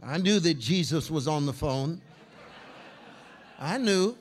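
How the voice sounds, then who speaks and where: A man preaching a fiery sermon, telling a story and swinging from shouts to hushed tones. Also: fairly high pitch, lively intonation, takes it slowly.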